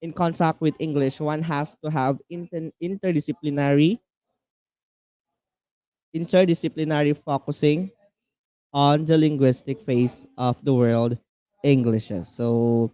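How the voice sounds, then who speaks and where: Halting Filipino man lecturing a class. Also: medium pitch, little pitch movement, dark tone, dry recording. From Philippines. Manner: code-switching, halting with many fillers and restarts. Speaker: teacher.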